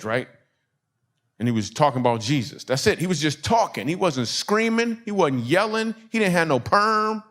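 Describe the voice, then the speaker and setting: A man's voice: a little high, a bit bright. A man from Michigan doing a stand-up comedy set, telling a story and acting out the people in it. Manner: storytelling with acted-out quotes and audience laughs.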